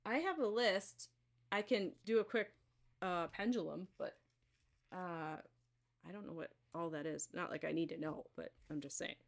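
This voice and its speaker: A woman's voice: lowish voice, moderate pace. A woman hosting a live stream of card and pendulum readings, talking casually to viewers in a rambling way with many fillers and restarts.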